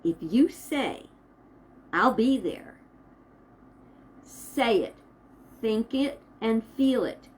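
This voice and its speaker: A woman minister giving an inspirational talk to camera, slow and deliberate, with emphatic pauses. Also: fairly high pitch, expressive, rough recording.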